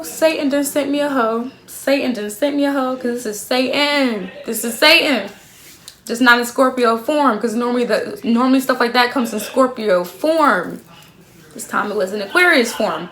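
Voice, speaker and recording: A young woman in her twenties telling a story to her phone camera in a casual, slangy, animated way, laughing often. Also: on the high side, normal speed. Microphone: phone camera at arm's length.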